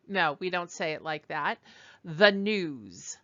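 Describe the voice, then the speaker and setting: A woman teaching a language lesson over slides, explaining slowly and digressing as she goes. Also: fairly low pitch, expressive, fairly bright tone, lo-fi sound. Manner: explanatory, digressive, with fillers and restarts. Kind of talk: recorded lecture over slides.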